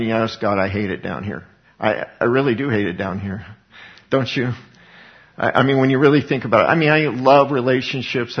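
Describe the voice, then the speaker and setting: Male preacher, conversational sermon, earnest folksy delivery, mid pitch, muffled lo-fi recording. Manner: earnest, folksy, rising to emphatic bursts, restarts and soft laughs. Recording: slightly dull lo-fi recording.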